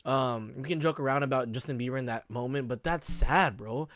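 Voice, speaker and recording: A man's voice: medium pitch, fairly quick, a bit bright, no echo, clean studio sound. A man hosting a reaction video, talking casually with lots of slang, emotional and sympathetic. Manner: slangy, says bro and dog a lot, emotional.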